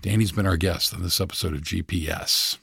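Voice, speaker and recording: A man co-hosting a podcast, reading a scripted closing with a warm delivery. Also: deep voice, fairly even intonation, a little fast, vocal fry, slightly rough, faint music behind. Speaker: podcast co-host.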